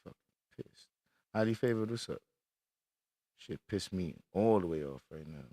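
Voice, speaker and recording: A low-pitched man talks casually on a live stream, swearing in frustration and greeting people in the chat. His voice sits close to the mic with a dry, unechoing sound. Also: lively intonation, moderate pace, dark tone, no room sound.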